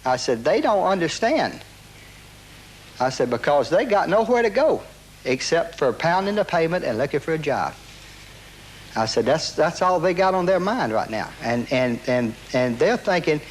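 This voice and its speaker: A man's voice: a little high, moderate pace, slight background noise, low-quality recording. A man in an interview telling a story in a casual way, acting out quotes with many repeats and restarts, and swearing now and then. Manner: animated retelling, heavy quoting, repeats and restarts, swears.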